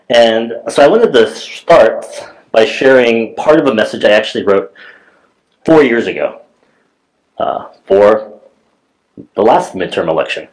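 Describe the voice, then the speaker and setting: A man's voice: medium pitch, darkish tone, poor audio. A middle-aged man, a pastor, preaching a sermon in a church in a conversational storytelling way, with many fillers and restarts.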